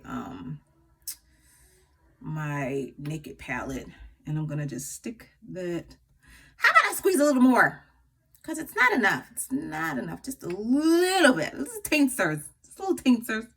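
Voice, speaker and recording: A woman's voice: fairly low pitch, gravelly, fairly bright tone, breathy edge. A woman chatting casually as she walks through her own makeup routine, laughing now and then. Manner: chatty, laughs often, talks while applying makeup. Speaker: makeup artist vlogger. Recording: voice from a distance from the mic.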